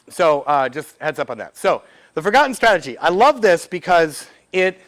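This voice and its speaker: A man speaks at a business event. He talks to a live audience in a lively way. He acts out little snippets of conversation and throws questions to the room. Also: fairly high pitch. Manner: lively, quotes made-up dialogue with audience questions. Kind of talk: live workshop talk.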